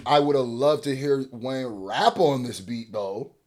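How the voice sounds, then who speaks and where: Excitable man reacting to music. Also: medium pitch, measured pace. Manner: excitable, swings between hype and mumbled asides. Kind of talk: casual album reaction commentary.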